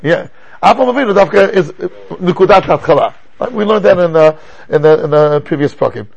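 An older man teaching a class as a rabbi, lecturing in an animated way and asking rhetorical questions. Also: high voice, fairly quick, gravelly, lo-fi sound.

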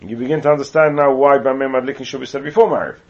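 This is a Torah lesson delivered as a Talmudic lecture by a man from England, who reads Hebrew aloud before explaining it in English, with asides. He speaks very fast at a medium pitch. The recording is muffled and lo-fi.

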